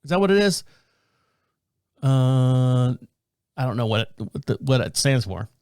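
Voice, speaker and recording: This podcast host has a smooth, medium-pitched voice and a measured pace. He tells a relaxed story in an animated way, laughing frequently and voicing the people he quotes, in a studio-quality recording without echo.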